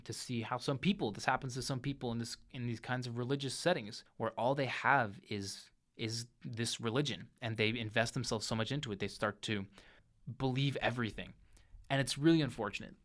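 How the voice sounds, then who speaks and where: This young man runs a movie review show and narrates a film's plot in an easygoing, animated monologue. His voice is mid-range, and he slips briefly into the characters' lines.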